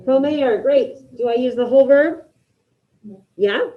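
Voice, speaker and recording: A woman teaching a Spanish class online, brisk and encouraging, calling out students by name as she checks their answers. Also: high-pitched, phone-quality sound.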